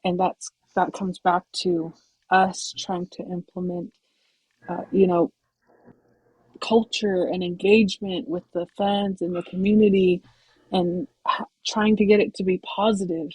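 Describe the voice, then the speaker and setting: Woman, basketball coach, husky, soft-spoken, casual talk, dry recording. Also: fairly low pitch, little pitch movement, measured pace, no echo, rough recording. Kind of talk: casual conversation.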